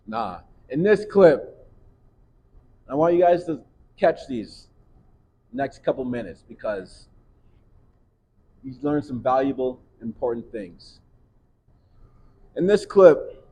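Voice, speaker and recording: Earnest coach with a higher male voice. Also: darkish tone, breathy edge. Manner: earnest, repetitive rhetorical questions. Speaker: basketball coach. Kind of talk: motivational speech to a team.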